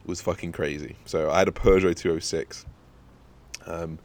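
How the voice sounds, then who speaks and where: A man's voice: low-pitched, normal speed. A young man in his twenties hosting a podcast, telling a casual story full of swearing and acted-out quotes. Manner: swears freely, animated anecdote with acted-out quotes. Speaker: podcast host.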